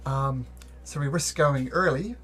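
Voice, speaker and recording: A man's voice: mid-range voice, measured pace, fairly bright tone, faint music behind. A man narrating a tabletop game as game master, in a loose, jokey way.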